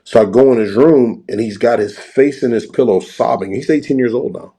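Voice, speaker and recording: A man's voice: mid-range voice, a little fast, dark tone, slightly rough. A middle-aged man, a football coach guesting on a podcast, telling a story earnestly and repeating words as he goes.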